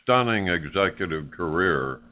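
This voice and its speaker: A man co-hosts with a deep, low voice, talking curiously and casually. The sound is thin and phone-like. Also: lively intonation, unhurried. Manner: conversational, curious. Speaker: co-host. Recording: tinny phone line.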